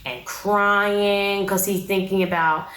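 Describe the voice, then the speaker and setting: A woman's voice: mid-range voice, fairly even intonation, slow pace, a bit bright, roomy sound, a little hiss or hum, poor audio. A young woman giving a casual, opinionated recap of a reality show in a slangy, chatty way.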